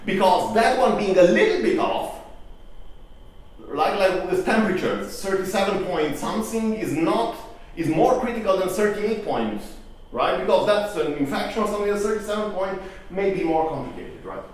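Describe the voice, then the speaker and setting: A man's voice: high voice, lively intonation, normal speed. A man giving a conversational conference talk, often asking the audience rhetorical questions and restarting his phrases. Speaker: conference speaker. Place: conference hall. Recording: echoey hall, distant mic, faint noise.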